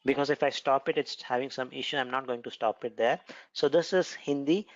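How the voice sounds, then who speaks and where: A man's voice: mid-range voice, brisk, dry recording. Man with an Indian accent teaching. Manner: conversational, repeats words, frequent "uh" fillers. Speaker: cloud computing instructor. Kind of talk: explanatory tutorial lecture. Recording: dull, lo-fi, dry sound.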